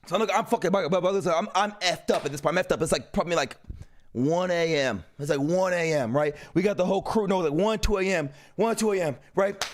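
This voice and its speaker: A young man streaming, telling a loose, profane story in an animated way, with shouted bursts. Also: sits high, quick pace, slight background noise.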